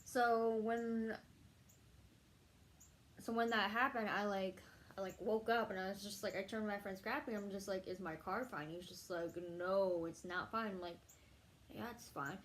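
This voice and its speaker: A woman's voice: mid-range voice, fairly even intonation, normal speed, long pauses, a bit bright, slight background noise. A young woman telling a story in a casual vlog, rambling with fillers, laughing and swearing freely. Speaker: vlogger.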